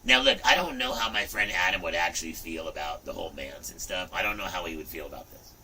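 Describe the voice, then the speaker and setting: A man in his fifties hosting a livestream, chatting casually in an animated, rambling way, often saying "look" and "you know". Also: sits low, fast talker, distant mic, a little hiss or hum, poor audio. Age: 50s. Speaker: livestream host.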